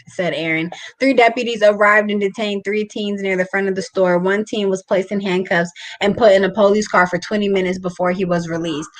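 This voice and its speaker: Woman podcast co-host, casual chat, reads news aloud, relaxed and chatty. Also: mid-range voice, no echo, poor audio. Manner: relaxed, chatty, stumbles over unfamiliar names while reading.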